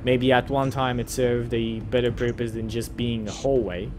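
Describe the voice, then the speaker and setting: A man's voice: medium pitch, little pitch movement, normal speed, background noise. A man narrating a fantasy tabletop game as game master, describing rooms in an easygoing way. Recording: music playing behind.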